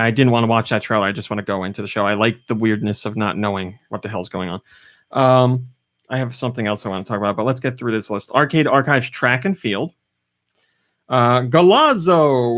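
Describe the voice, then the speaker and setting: A man's voice: on the low side, dry recording, studio quality. A man hosting a casual podcast, chatting loosely and running through a list of games. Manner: relaxed, reads a game list aloud. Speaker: podcast host.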